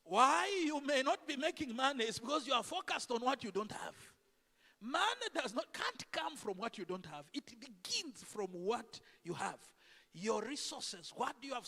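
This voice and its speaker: A man preaching a sermon in a church, animated and full of rhetorical questions to the congregation. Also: extremely high pitch, moderate pace. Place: church sanctuary. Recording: echoey church hall.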